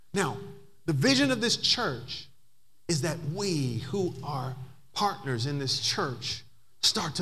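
A man's voice: a little high, fairly bright tone, slight background noise. A man preaching a sermon as pastor, telling a story and building to emphatic, climbing passages.

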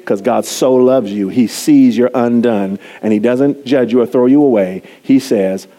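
A man preaching a sermon, animated and chatty, often laughing and poking fun at himself as he talks to the congregation. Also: medium pitch, unhurried. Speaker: pastor.

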